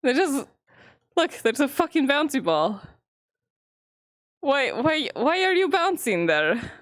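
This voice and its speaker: A woman's voice: sits high, sing-song, takes it slowly, dry recording, clean studio sound. A young woman streamer in casual live-stream chat, rambling, giggling often and swearing freely.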